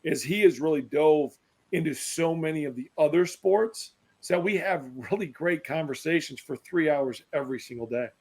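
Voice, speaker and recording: A man from Wisconsin, a former basketball player, chatting as a podcast guest in an animated, emphatic way. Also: on the high side, moderate pace, husky. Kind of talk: casual podcast chat.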